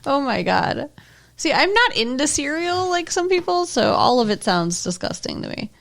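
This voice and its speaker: A woman's voice: sits high, sing-song, moderate pace, vocal fry, fairly bright tone. Wry, blunt woman podcast co-host. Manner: wry, laughs often, blunt. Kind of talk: casual chat recapping a TV show.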